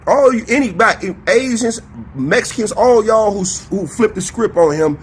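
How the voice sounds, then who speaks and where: A man's voice: high voice, animated, normal speed, breathy edge. A man co-hosting a podcast, ranting in a profane, confrontational, emphatic way. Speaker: podcast co-host. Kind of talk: heated casual commentary.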